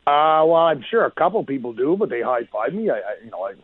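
A man who once played pro hockey, telling his old stories as a guest in a rambling, animated way, with lots of restarts. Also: on the high side, fast talker, breathy edge, no room sound. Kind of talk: casual storytelling interview. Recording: tinny dry phone line.

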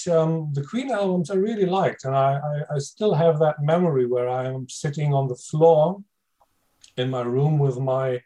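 A man's voice: fairly high pitch, mellow. A man from Germany whose first language is German, a guest chatting on a video call from a room full of books, talking hesitantly with many fillers and restarts. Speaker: podcast guest. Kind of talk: casual chat on a video call.

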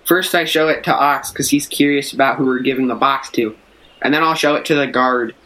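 A man's voice: mid-range voice, brisk, sharp tone, poor audio. A man playing a tabletop game, matter-of-fact as he describes his moves. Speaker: player. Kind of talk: casual tabletop play.

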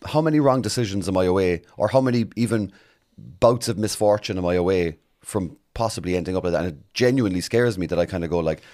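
An Irish comedian in casual podcast chat, reflective and thoughtful. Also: male voice, sits low, quick pace, hardly any pauses, a little mellow. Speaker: guest comedian.

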